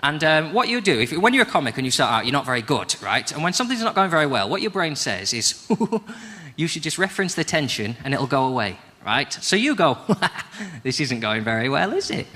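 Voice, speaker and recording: A man in his thirties with a Northern English accent, doing a self-deprecating stand-up routine with wry, quick asides. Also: on the high side, big pitch swings, sharp tone. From England. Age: 30s. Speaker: stand-up comedian. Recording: noisy live stage recording. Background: audience laughter.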